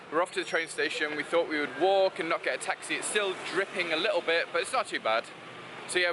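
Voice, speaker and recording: This travel vlogger has a Geordie accent and a voice on the high side, heard over a noisy background as he wanders a city outdoors. His casual narration is loose, chatty and rambling, packed with fillers and plenty of "like."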